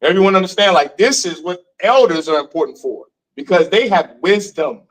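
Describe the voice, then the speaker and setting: A man's voice: high voice, lively intonation, normal speed, poor audio. A man from Missouri giving a preachy street lecture, telling stories and putting questions to the room. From Missouri, USA.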